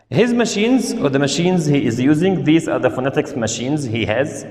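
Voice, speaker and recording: A man teaching an online literature lesson, reading quotes aloud and explaining them. He talks slowly and deliberately, rephrasing his points and filling pauses with "uh". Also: a little high, animated. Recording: roomy with a long echo.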